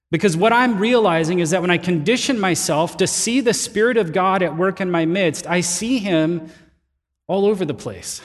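A pastor delivers a sermon to his congregation in a fairly high voice, spinning stories in a relaxed, chatty, animated way and often making fun of himself. A long reverb tail hangs on his words, as if he's in a large hall.

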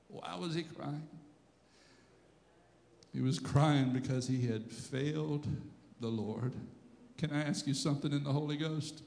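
A man preaching a sermon as pastor, animated, shouting and acting out quotes, now and then laughing at himself. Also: fairly high pitch, unhurried, creaky, long reverb tail. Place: church sanctuary.

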